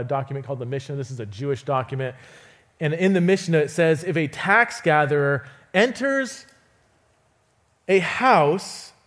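A man preaching as a guest speaker in a church, speaking through a stage mic. His voice sits high for a man, and he tells stories with lively energy. He acts out the quoted voices and chuckles often. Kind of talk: sermon. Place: church auditorium.

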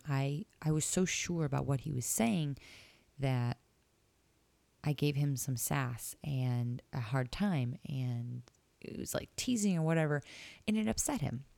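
Low-pitched and warm with vocal fry, her voice comes through without any room sound. She is a young podcast host talking casually on her own, openly retelling a dream and musing on it in a personal manner.

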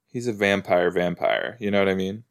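A man's voice: sits low, steady tone, normal speed, clear, resonant tone. A man hosting a podcast, chatting casually while watching a TV episode, rambling with lots of "like" and "you know". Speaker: podcast host. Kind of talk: casual watch-along commentary.

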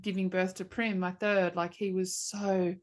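With a fairly low pitch and a measured pace, a woman in her thirties hosts a podcast and narrates a personal story. It's casual conversation, delivered animatedly and loaded with fillers.

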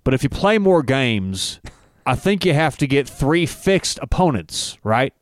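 A man doing a gruff coach in a Southern drawl. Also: mid-range voice, very animated, unhurried, dry recording, clean studio sound. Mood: complaining. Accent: Southern American, put on. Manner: mirrors the coach's beats and cadence. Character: impression of a gruff older male football coach.

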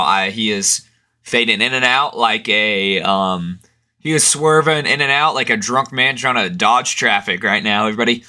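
A bright, crisp-voiced man co-hosting a casual podcast over a remote call. He jokes around with crude humor and laughs easily. The talk is loose and unscripted. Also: mid-range voice. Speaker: podcast co-host.

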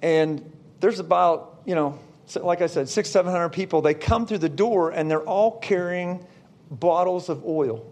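Man, preacher, high-pitched, excitable, frequent check-ins. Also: a little slow. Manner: excitable, builds to shouting; checks in with listeners often. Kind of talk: storytelling sermon.

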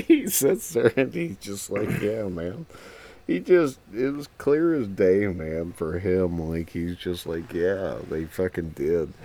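Low-voiced man telling a wild story. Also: takes it slowly. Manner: profane, animated storyteller. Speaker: podcast host. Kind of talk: casual storytelling chat.

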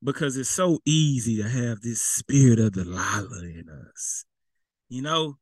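A man's voice: mid-range voice, animated, a little slow, a little mellow, dry recording, rough recording. Man preaching a casual sermon. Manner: conversational, repeats words, folksy slang.

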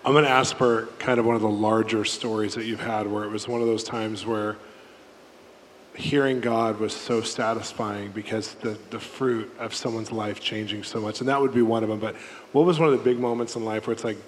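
A male interview host asking questions in a measured, softly affirming way. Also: fairly low pitch, steady tone, big-room sound, slight background noise, poor audio.

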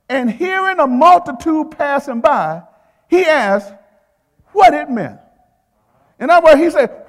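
A man's voice: extremely high pitch, expressive, measured pace, long pauses, in a large hall. A male preacher delivering a sermon in a rhythmic, repeating style. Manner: rhythmic, repeats phrases, calls to the congregation.

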